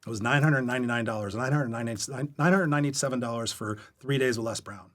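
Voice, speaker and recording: A man's voice: mid-range voice, fast talker. A man being interviewed as a guest coach on a podcast, telling candid stories with energy and acting out the dialogue. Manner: energetic, candid storyteller who acts out quoted dialogue. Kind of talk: storytelling interview chat. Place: podcast recording.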